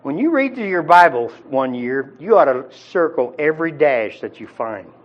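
A man's voice: on the high side, sing-song, normal speed, dull audio. A man preaching a sermon in a conversational teaching style, with frequent fillers and restarts. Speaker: pastor.

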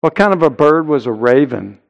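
A man preaching a sermon in an earnest, emphatic way, with deliberate pauses. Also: on the high side, animated, gravelly, muffled recording. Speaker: pastor.

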